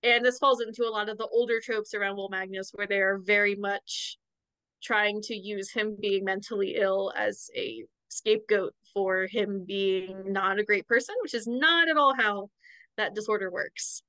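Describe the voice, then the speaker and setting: Bright-voiced woman giving frank commentary. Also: medium pitch, fairly even intonation, normal speed, smooth, dry recording. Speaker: book club co-host. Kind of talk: casual podcast chat.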